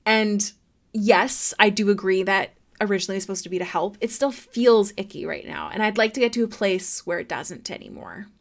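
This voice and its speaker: A woman's voice: mid-range voice, a bit bright. A woman streaming live, chatting casually with viewers and reading their messages aloud, with plenty of fillers.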